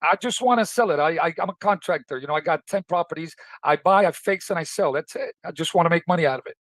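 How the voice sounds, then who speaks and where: A man's voice: on the high side, fast talker, a bit bright, no room sound, lightly acted. A man playing a brash, bragging home seller in a sales call role-play over a video call, pushy and repeating his demands. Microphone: video call mic.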